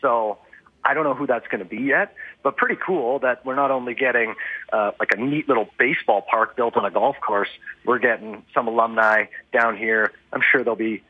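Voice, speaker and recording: A man's voice: medium pitch, moderate pace, breathy edge, no room sound. A man co-hosting a morning radio show, chatting casually and joking with easy laughs. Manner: easygoing, joking, laughs often. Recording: tinny phone-line sound.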